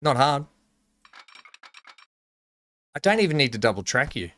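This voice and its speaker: A man's voice: mid-range voice, sing-song, quick pace, a bit bright. A young adult man with an Australian accent, chatting casually on a live game stream, rambling and joking and laughing a lot as he reads out chat.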